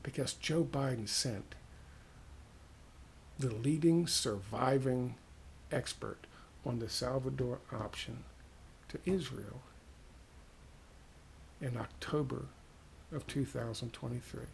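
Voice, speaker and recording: A man with an American accent giving a heated, profane political monologue, firing off rhetorical questions and dropping to hushed tones. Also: medium pitch, slow, vocal fry, long pauses, slight background noise. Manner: ranting, drops to hushed tones. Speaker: political commentator.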